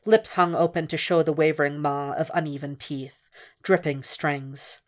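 A woman narrating a fan fiction audiobook in a steady, hushed, intense reading voice. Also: deep voice, normal speed. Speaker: podfic reader.

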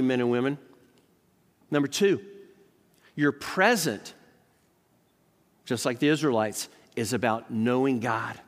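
An American man, a professor, giving a lively chapel sermon full of personal stories. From United States. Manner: animated storyteller, jumps up in pitch when excited. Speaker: professor preaching at a college chapel. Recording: long hall reverb.

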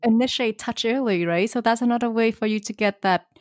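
A woman's voice: on the high side, brisk, no echo. Give me a woman podcast host chatting casually, giving tips, in a dry booth. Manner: advice-giving, many fillers. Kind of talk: casual chat.

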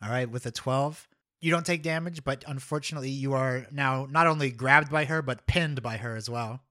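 A man running a tabletop game as game master, narrating with chuckles and halting restarts. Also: mid-range voice, bright, forceful tone.

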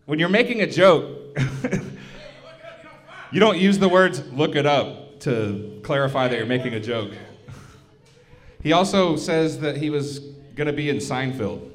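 Male comedy club emcee, animated swooping delivery, crude loose banter on stage. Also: a little high, takes it slowly, pauses often. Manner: loose, profane banter with the crowd. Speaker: comedy show host. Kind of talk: live stand-up club hosting.

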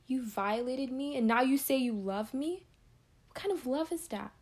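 A woman's voice: sits high, lively intonation, normal speed, a little mellow. A woman playing a furious young woman confronting the man who hurt her, in a drama rehearsal. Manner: angry, accusing.

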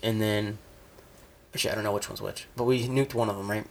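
A man's voice: lowish voice, steady tone, fast, a little hiss or hum. A young man in casual chat, opinionated and explaining at length, often dropping to a mutter.

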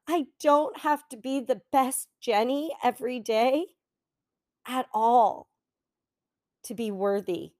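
Middle-aged woman, coach-host. Earnest, encouraging, unhurried delivery in a dry room. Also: high voice, darkish tone, no room sound. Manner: earnest, encouraging, slow and heartfelt. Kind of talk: reflective solo podcast talk.

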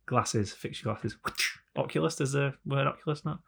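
A man's voice: mid-range voice, normal speed, gravelly, fairly bright tone, slightly rough. A man hosting a casual podcast, telling stories with plenty of swearing and laughter. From England. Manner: storytelling, sweary, laughing often. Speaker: podcast host. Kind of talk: casual chat.

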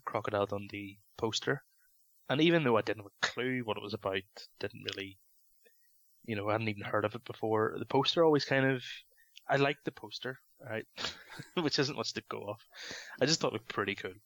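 A lowish male voice, relaxed and measured. He is a podcast guest, filling his pauses with frequent ums. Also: dry recording. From London. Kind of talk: casual podcast chat.

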